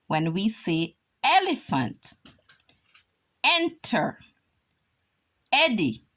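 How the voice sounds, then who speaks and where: A woman teaching a children's phonics lesson, drawing out vowel sounds slowly and deliberately. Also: lowish voice, fairly bright tone. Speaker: reading teacher.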